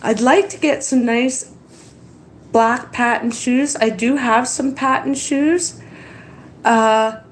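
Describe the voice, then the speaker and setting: Woman live-streamer, worn out, slow rambling chat, reads comments aloud, faint background hum. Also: on the high side, steady tone, low-quality recording. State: tired after crying.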